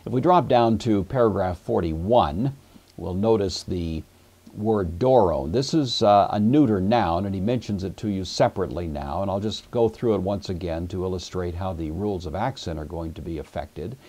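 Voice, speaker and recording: A man with a low-pitched, dark-toned voice gives a classroom lecture on Greek grammar at a moderate pace. He explains patiently and methodically, with the occasional filler.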